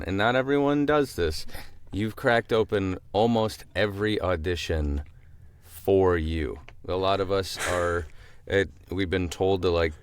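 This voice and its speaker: A man's voice: low-pitched, smooth. A man co-hosting a podcast in casual chat, making emphatic points and laughing between them. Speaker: podcast co-host.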